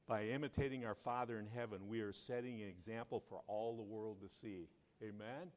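Man preaching a lively sermon. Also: fairly low pitch, brisk. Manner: preaching with swells to loud emphatic peaks; conversational storytelling, asks the congregation questions. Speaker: pastor.

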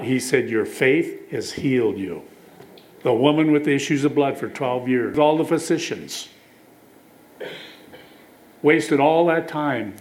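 Man, preacher, sermon, storytelling, scripture reading, mid pitch. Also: poor audio. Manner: storytelling, quotes scripture, asks the congregation questions.

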